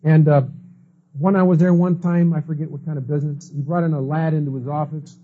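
A man's voice: a little high, level tone, a little fast. A man teaching a class, telling stories and acting out the people he quotes. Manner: storytelling, acts out quoted people. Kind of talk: lecture with anecdotes. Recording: dull lo-fi recording.

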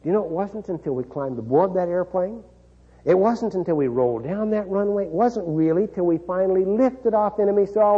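A middle-aged Kansas man delivers a keynote motivational speech, telling a dramatic personal story with wry humor and frequent chuckles. His high-pitched voice is brisk and breathy-edged with lively intonation. The recording is dull and lo-fi.

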